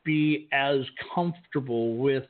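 A man's voice: medium pitch, measured pace. Man with a thin phone-line sound. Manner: rambling, reassuring, joking. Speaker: podcast co-host. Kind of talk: casual radio chat. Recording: phone-like lo-fi sound with faint music.

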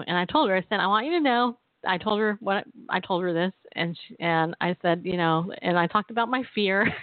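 A woman's voice: on the low side, no echo. Chatty woman co-host on a phone line. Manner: chatty, storytelling, laughs often, acts out quotes. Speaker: radio show co-host. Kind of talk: testimony and exhortation. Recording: tinny phone-line sound.

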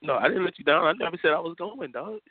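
A man's voice: fairly high pitch, expressive, fast talker, slightly rough, no echo. A man co-hosting a casual sports podcast, teasing and blunt, with slangy talk. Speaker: podcast co-host. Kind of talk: casual chat. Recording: dry, phone-like line.

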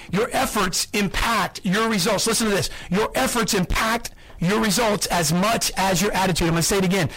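A man's voice: high voice, a bit bright, poor audio. A man hosting a sales podcast, giving earnest motivational talk and repeating his key points for emphasis. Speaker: podcast host.

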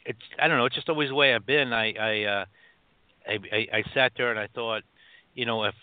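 A man from upstate New York telling his own story as a guest, halting, with many restarts and fillers, over a phone line. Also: medium pitch, fairly even intonation, clear, resonant tone, no echo. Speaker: guest author.

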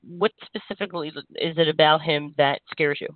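A woman energy healer hosting a call-in show, giving gentle, reassuring spiritual guidance in a meandering way. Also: low-pitched, normal speed, no room sound. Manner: gentle, reassuring, meandering with frequent "you know". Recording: dry, tinny phone-line sound.

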